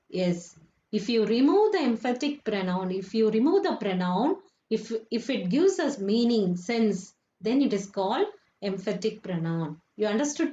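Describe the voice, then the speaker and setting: A woman's voice: fairly high pitch, warm tone. A woman teaching children a grammar lesson, often repeating points and asking if they understood. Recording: echoey room, dull lo-fi sound.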